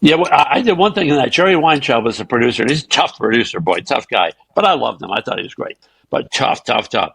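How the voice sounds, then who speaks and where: An older man, a guest actor, telling animated, salty anecdotes in an interview. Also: mid-range voice, fast, vocal fry, a little hiss or hum, rough recording. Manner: animated raconteur, swearing. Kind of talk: anecdotal storytelling.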